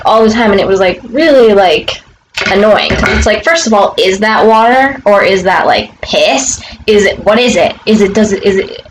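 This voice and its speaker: A woman's voice: mid-range voice, a little hiss or hum, poor audio. A young woman vlogger telling a casual story outside her front door, rambling with many fillers and swearing.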